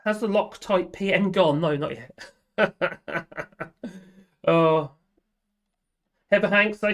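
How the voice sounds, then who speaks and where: A man hosting a live stream, chatting casually and reading out viewer comments, rambling with frequent laughs and trailing sentences. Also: a little high. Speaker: livestream host.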